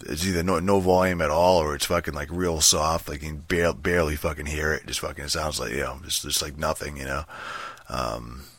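A man's voice: extremely low pitch, a bit bright, no echo. A man in a casual rambling monologue, talking about his headset mic and swearing constantly, with many restarts.

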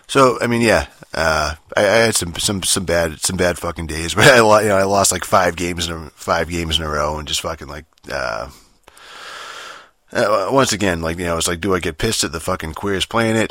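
A man's voice: low voice, fairly bright tone, dry recording, clean studio sound. A young man rambling through a casual, profane gaming rant, full of fillers and restarts. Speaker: gamer vlogger.

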